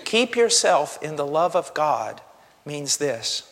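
Impassioned high-voiced male preacher. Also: big pitch swings, takes it slowly, long reverb tail. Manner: impassioned, swings from hushed to shouting. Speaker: pastor. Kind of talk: sermon.

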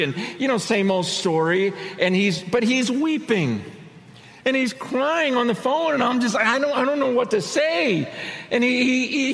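A man's voice: on the high side, creaky, in a large hall, rough recording. A man preaching a sermon in an earnest, conversational way, often acting out quoted words. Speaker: pastor.

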